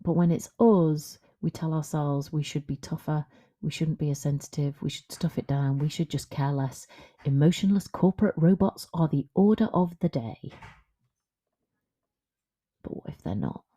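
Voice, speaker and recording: A frank, animated woman talks through a solo coaching podcast. Her voice sits low and sounds warm and mellow. She keeps it conversational and plain-spoken. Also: moderate pace. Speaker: confidence coach.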